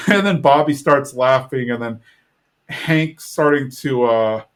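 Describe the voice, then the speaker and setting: A man's voice: medium pitch, slow. Man casually recapping a cartoon episode. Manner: chatty retelling full of fillers. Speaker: podcast host.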